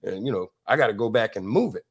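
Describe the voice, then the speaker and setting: A man's voice: fairly low pitch, animated, fast, husky. Rambling, laughing male podcast host. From Florida. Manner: rambling, laughing, many fillers. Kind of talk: casual storytelling chat.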